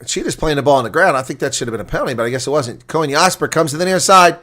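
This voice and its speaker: A man giving live watch-along rugby play-by-play, swinging from calm asides to excited shouting on breaks. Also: fairly high pitch, very fast. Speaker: rugby commentator.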